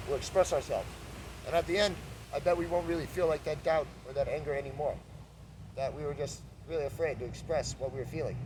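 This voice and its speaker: Spiritual teacher, male, slightly high voice. Drifts between hushed and loud, mocking bits. Faint outdoor street hum. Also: distant mic. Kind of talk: spiritual monologue.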